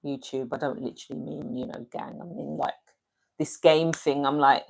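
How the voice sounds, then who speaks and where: Woman on a livestream, lowish voice, casual and chatty, greets everyone by name, laughs a lot. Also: expressive, normal speed, vocal fry. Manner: chatty, talks straight to viewers by name, laughs easily. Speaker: livestream host. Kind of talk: casual live chat reading comments.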